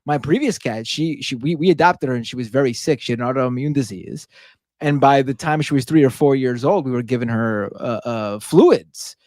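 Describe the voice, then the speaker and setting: A man's voice: mid-range voice, normal speed, darkish tone, no room sound, clean studio sound. A man hosting a live stream, reading super chats aloud and ranting in a casual, profane, indignant way. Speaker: livestream show host.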